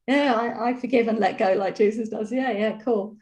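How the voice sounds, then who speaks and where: A woman calmly telling a personal story on a video call, reflective and full of fillers. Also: on the high side, normal speed. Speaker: program participant sharing a story. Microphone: video call microphone. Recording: roomy echoey video call audio.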